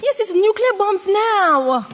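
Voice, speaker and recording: Woman, sermon-style storytelling, dramatic delivery, frequent questions to the audience, expressive pitch. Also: slow. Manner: dramatic, swinging between loud exclamations and hushed low tones; asks the audience questions often. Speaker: speaker at a women's presentation to a congregation. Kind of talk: preaching with humorous storytelling. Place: congregation gathering.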